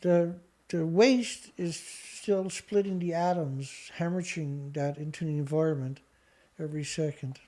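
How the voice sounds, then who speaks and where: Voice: mid-range voice, steady tone, measured pace, warm tone. A show host reads out news items and rants about them angrily, sarcastic and insulting. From Canada. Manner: angry, sarcastic, insulting, talks back at the headlines.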